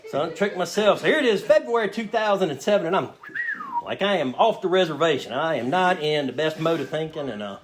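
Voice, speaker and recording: At a recovery meeting, a man tells a humorous personal story to a live audience in a meeting room, acting out his own quotes in a raised voice. His fairly high voice is expressive and a little fast. Audience laughter can be heard over a noisy background.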